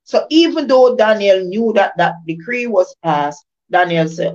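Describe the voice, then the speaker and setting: Speaking at a medium pitch in an animated yet unhurried way, this devotional speaker has a darkish tone. She offers a casual testimony of faith, driving home repeated phrases with a preaching cadence, captured on a dull lo-fi recording.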